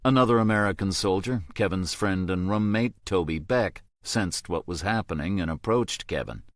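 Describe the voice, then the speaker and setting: A man reading a thriller audiobook in a measured, grave storytelling manner. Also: deep voice, no echo, studio quality. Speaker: audiobook narrator. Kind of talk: scripted narration.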